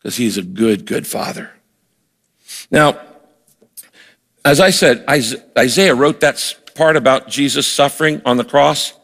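A man's voice: mid-range voice, animated, unhurried, pauses often, fairly bright tone. An older man preaching a sermon as a pastor, earnest and emphatic, often repeating words and acting out quoted lines. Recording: long hall reverb.

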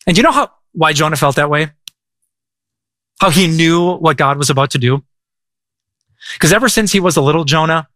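A man's voice: a little high, fairly bright tone, no room sound. A man preaching a sermon as a pastor, in a casual, joking, conversational storytelling manner.

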